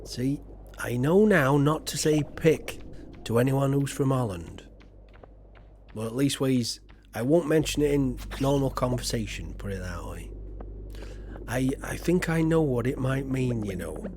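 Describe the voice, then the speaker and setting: A rambling, friendly man from England chats casually while playing a game, full of ums and side remarks. His voice sits at an ordinary middle pitch. A faint noise hums underneath. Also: lively intonation, measured pace, a little mellow. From Yorkshire, England. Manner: rambling, chatty, self-deprecating, lots of fillers. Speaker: streamer.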